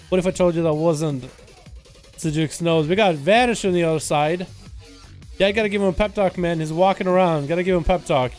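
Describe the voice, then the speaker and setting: A young man casting a video game duel as rapid play-by-play commentary, excitable and hype. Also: high-pitched, faint music behind. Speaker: game caster.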